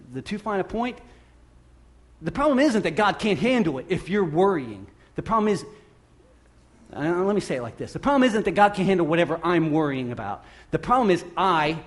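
Conversational male preacher, slightly high voice. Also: sing-song, normal speed. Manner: conversational, self-deprecating, with emphatic rises. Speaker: pastor. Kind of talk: sermon.

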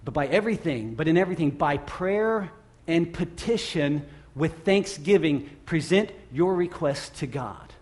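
Male pastor, middle-aged, slightly raised pitch, chatty and self-deprecating sermon delivery that jumps into emphatic high bursts. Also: expressive, measured pace, a little mellow.

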